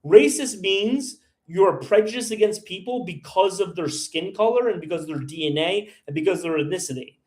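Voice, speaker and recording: Man, livestream host, blunt, ranting, heated, fairly high voice. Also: normal speed. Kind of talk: live stream chat answering viewers.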